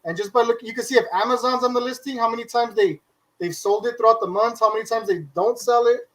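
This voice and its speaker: High-voiced man explaining reselling. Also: steady tone, fast, rough recording. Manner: stammering restarts. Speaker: Amazon reseller guest. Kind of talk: casual explaining.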